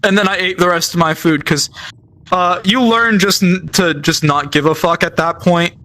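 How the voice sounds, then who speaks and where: A man's voice: high-pitched, normal speed, bright, forceful tone. A young man casually telling military stories while gaming, rambling with many fillers and restarts.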